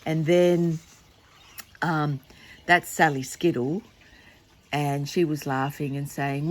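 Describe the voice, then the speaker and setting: A woman's voice: low voice, steady tone, slow pace, long pauses. An older woman reading a children's book aloud, chatty and playful with asides to the listener. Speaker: storyteller.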